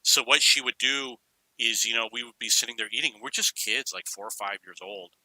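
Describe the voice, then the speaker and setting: A man's voice: medium pitch, a little fast, bright, forceful tone, low-quality recording. A middle-aged man from New York casually telling rambling personal stories, drifting off on tangents. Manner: rambling, digressive, anecdotal. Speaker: storyteller.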